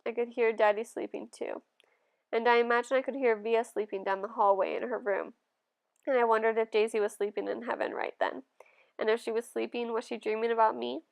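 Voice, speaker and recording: A woman reads a first-person novel aloud in a gentle, steady way. Her voice sits somewhat high with a gravelly, creaky edge. The telling stays calm and even. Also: fairly quick. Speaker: audiobook reader.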